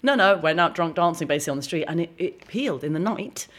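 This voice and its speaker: Fast-talking woman telling stories. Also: on the low side. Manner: fast, animated storytelling with laughs. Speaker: guest. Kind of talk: casual interview chat.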